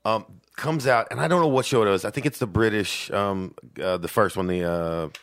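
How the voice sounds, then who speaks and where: A man's voice: fairly low pitch, fairly quick, fairly bright tone. A man hosting a podcast, telling rambling, profane stories with many restarts in casual chat. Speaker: podcast host.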